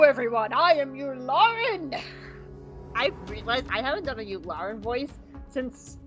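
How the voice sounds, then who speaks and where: A woman's voice: mid-range voice, fairly bright tone. A woman co-hosting a podcast who gives a casual, rambling and giggly episode recap, swearing freely. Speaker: podcast co-host. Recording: slightly dull podcast audio, faint music.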